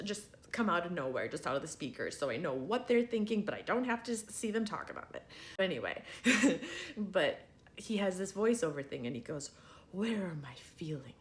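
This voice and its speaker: A man's voice: high-pitched, very animated, fairly quick, creaky. A trans man chatting casually to his viewers, rambling and wry and laughing often. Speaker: vlogger. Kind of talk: casual chat to camera.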